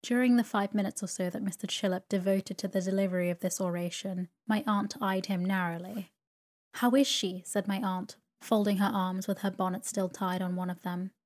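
A woman narrating a classic novel as a sleep story, in a slow, even and soothing manner. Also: mid-range voice. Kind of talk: calm sleep story reading.

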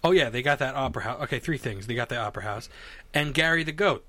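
Bright-voiced American man, joking podcast co-host. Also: mid-range voice, quick pace, no echo. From United States. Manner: joking, rambling, lots of restarts. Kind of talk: casual chat.

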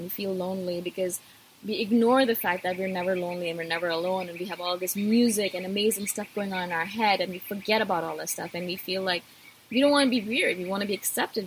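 A woman's voice: mid-range voice, slight background noise, rough recording. A woman vlogger talking casually to camera, emphatic and repetitive, addressing her viewers directly.

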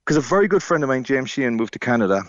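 A man's voice: medium pitch, sing-song, rapid-fire, no echo, lo-fi sound. A man from Cork with a Cork accent, calling a radio show and chatting in an easygoing way. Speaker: caller. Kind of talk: casual radio chat.

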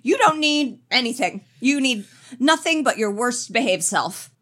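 A woman co-hosting a comedy podcast in a lively, playful way. Her pitch sits a little high and swings widely as she acts out the people in her stories. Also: measured pace. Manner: animated, playful, acts out quotes. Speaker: podcast co-host. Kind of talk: casual comedic chat.

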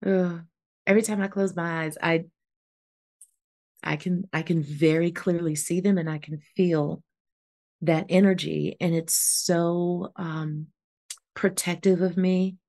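A woman with a low, gravelly voice, co-hosting a casual spiritual podcast chat. She talks earnestly and rambles, with plenty of "like" and "um". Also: steady tone, measured pace, dark tone. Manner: earnest, rambling, many fillers. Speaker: podcast co-host.

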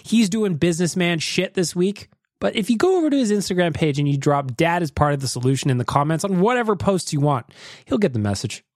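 Man, podcast host, jokey, somewhat high voice, dry studio sound. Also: big pitch swings, quick pace, no room sound. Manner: jokey and playful, radio-host patter. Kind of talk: casual podcast chat reading voicemails.

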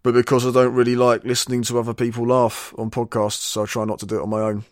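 A man's voice: medium pitch, completely flat delivery, fast, studio quality. A man hosting a podcast, chatting casually and wrapping up the episode alone. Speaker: podcast host. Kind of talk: casual chat and solo outro. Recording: roomy echo.

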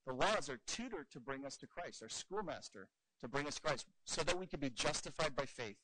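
A man teaching evangelism in an earnest, animated way, telling stories and acting out the dialogue. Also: on the high side, a little fast, background noise. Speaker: evangelism trainer.

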